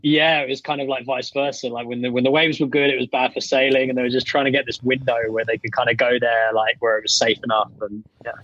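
A man's voice: medium pitch, little pitch movement, fast, few pauses, a bit bright, no room sound, highs cut off. Laid-back British man on a remote call. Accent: British English. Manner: laid-back, hesitant, many fillers. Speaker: podcast guest. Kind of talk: casual podcast interview. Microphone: remote call over the internet.

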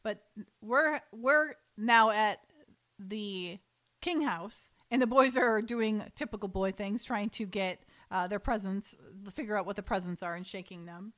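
A middle-aged woman in casual chat, recapping an episode with lively quoted lines. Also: medium pitch. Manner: animated retelling with quick quoted voices and laughs. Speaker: podcast co-host.

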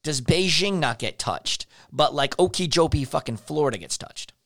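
A man's voice: on the high side, normal speed. A man hosting a podcast, spinning conspiracy theories in casual, profane talk. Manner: profane, animated conspiracy ranting. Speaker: podcast host.

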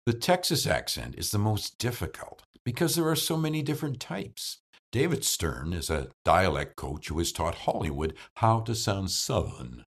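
A man hosting a podcast about voice acting, reading his script in a deliberate, measured way. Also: lowish voice, slightly rough. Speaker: podcast host and voice actor.

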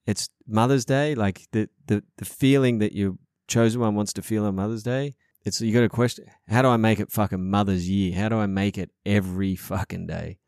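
A man's voice: lowish voice, steady tone, fairly quick, hardly any pauses, darkish tone, no room sound, clean studio sound. Earnest, swearing man. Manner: earnest, repetitive, swears a lot. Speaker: podcast host. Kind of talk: casual podcast chat.

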